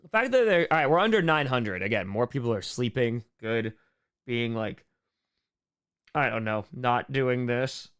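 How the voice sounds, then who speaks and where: Unhurried playful man streaming live. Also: medium pitch, smooth. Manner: playful, breaks into sudden loud shouted donor shout-outs. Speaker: charity livestream host. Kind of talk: casual live stream chat, improvising silly stories.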